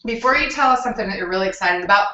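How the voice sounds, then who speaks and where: A woman's voice: mid-range voice, rapid-fire, sharp tone. A woman co-hosting a home cooking show in a kitchen, joking playfully. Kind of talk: casual chat. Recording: roomy, distant, dull sound.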